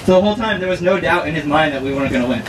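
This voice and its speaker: A man with a fairly high voice tells his fishing story eagerly and in a rambling way, acting out what he and his partner said. He sounds far from the mic, and the outdoor weigh-in is roomy and noisy around him. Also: expressive, rapid-fire. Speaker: tournament angler.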